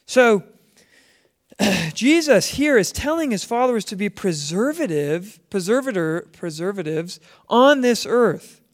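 A man with a high, expressive voice teaches a Bible lesson at a measured pace. His sermon to the congregation is conversational, and he keeps asking his listeners questions along the way.

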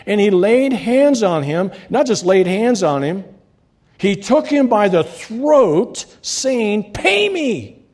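Animated preaching man, warm voice. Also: high voice, slow pace. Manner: animated preaching, swings between loud rises and quiet drops. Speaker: pastor. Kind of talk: sermon.

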